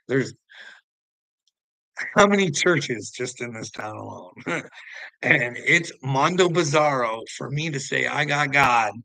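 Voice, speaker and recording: A man with a gravelly, forceful voice, talking straight to his viewers in a loose, preachy monologue. He needles critics and drifts from one topic to the next, chuckling to himself, on a close, dry microphone. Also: mid-range voice, no room sound, poor audio. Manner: preachy and taunting, jumps between topics, laughs to himself. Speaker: vlogger answering commenters. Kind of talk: casual rambling monologue to viewers.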